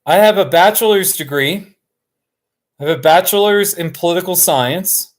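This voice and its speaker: A man hosting a live stream from his couch, chatting casually in a relaxed, rambling way and chuckling often. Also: high voice, moderate pace. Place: sitting on a couch at home.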